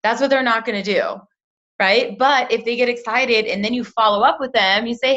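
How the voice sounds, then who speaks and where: A woman's voice: fairly high pitch, moderate pace. A young woman coaching her sales team in a casual talk, chatty and full of "like", often acting out quotes. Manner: chatty, lots of "like", acts out quotes in lively voices. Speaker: team leader training a sales team. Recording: dull lo-fi sound.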